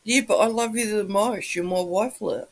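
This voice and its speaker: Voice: medium pitch, normal speed. A livestream host in a just-woken-up morning voice, chatting casually with viewers and greeting them by name.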